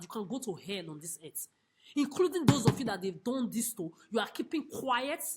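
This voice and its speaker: A woman delivering an angry, accusatory monologue to camera from a chair in a homeless shelter, cursing and repeating herself. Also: a little high. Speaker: vlogger. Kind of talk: angry direct-to-camera rant.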